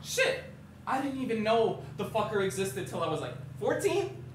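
An actor playing a brash, streetwise young Canadian man who tells a story in slangy speech with shouted bursts, in a stage monologue. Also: high voice, sing-song, normal speed, a little hiss or hum. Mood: swaggering. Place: theatre stage. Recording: echoey stage from far off.

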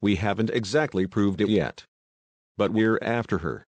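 A daring young woman sleuth, as a man puts her on leans in with sly, breezy talk and mock-American slang. The voice sits fairly low. It sounds dry and close. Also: normal speed, no echo. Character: bold playful young woman sleuth, posing as an American detective.

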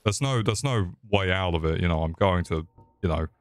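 A man's voice: sits low, normal speed, dry recording. A young Englishman streaming a game, joking crudely, swearing often and chatting back to his viewers. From England. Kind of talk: live gameplay commentary.

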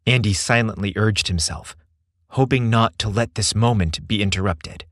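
A man narrating a scripted story with expressive delivery. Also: fairly low pitch, moderate pace, no echo, clean studio sound.

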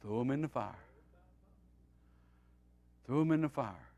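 A man, a pastor, teaching a Bible study in a folksy, animated preaching style that swings between loud and quiet. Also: mid-range voice, measured pace, muffled recording.

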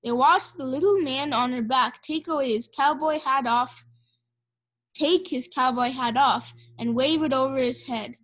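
A woman reading a children's storybook aloud in a clear, measured way. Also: high voice, fairly bright tone. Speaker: audiobook reader.

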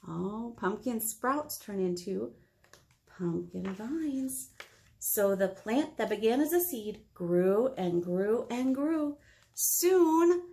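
A woman's voice: on the high side, creaky. A woman children's librarian reading a picture book aloud and asking the children questions as she goes. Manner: animated, asks the children questions.

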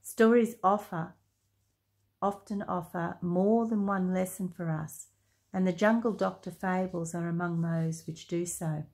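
An Australian woman reading a children's story and a devotion in a calm, measured manner. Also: lowish voice. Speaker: church story reader.

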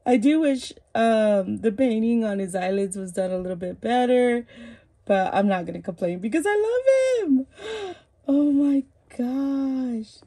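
Lady chatting slow and gushy at home, keeps saying oh my goodness, water drips in background. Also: a little high, animated, mellow. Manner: gushing, cooing over dolls, keeps repeating "oh my goodness". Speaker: reborn doll collector vlogger. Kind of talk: casual vlog chat. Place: home, bathing dolls.

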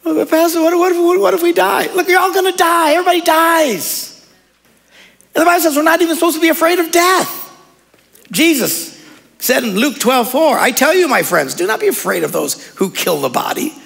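A man preaching a sermon to his congregation in a large church, moving between loud, high exclamations and quiet asides. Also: gravelly. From Puerto Rico. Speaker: pastor. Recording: live sermon in a reverberant hall.

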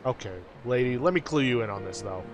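A man's voice: mid-range voice, expressive, quick pace, music in the background, close to an everyday voice. A man voicing a brash gangster who talks bluntly in a streetwise way, reading game lines aloud. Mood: lecturing.

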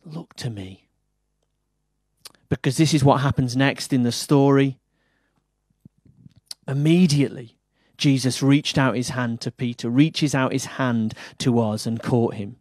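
An English-accented pastor preaches an earnest sermon, shifting from firm emphasis to soft, quiet lines. His mid-range voice is steady and a little slow, with no echo.

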